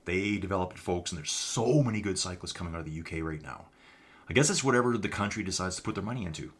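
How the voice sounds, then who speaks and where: A man with a low voice gives casual live-stream commentary on an online cycling race. He rambles in a chatty way, calls his viewers folks and answers the chat as he goes. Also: animated, fast talker, slightly rough.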